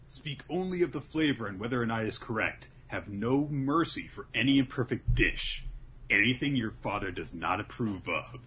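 A man voicing a cruel, cold father figure, his chanted demands climbing higher and louder. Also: lively intonation, normal speed, slight background noise, natural voice. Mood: menacing. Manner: escalating ranting chant.

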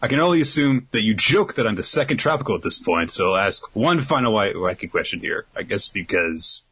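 A man's voice: on the low side, very animated, fairly quick, pushed and bright, husky. A young man co-hosting a podcast, reading listener questions in a dry, rambling way that drifts into tangents. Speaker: podcast co-host.

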